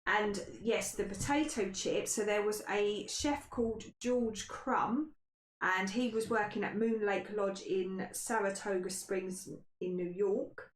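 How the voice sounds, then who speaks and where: Brief: woman, podcast quiz host, mid-pitched voice, casual read, trips over words. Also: takes it slowly. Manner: stumbles on hard words. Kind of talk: casual podcast chat, reading quiz questions. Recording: echoey room, faint noise.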